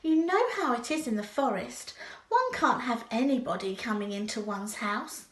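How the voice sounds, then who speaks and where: A woman voicing a fussy, cautious male rabbit in a high, careful, slightly prim way. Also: animated, moderate pace, natural voice. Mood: cagey. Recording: echoey room.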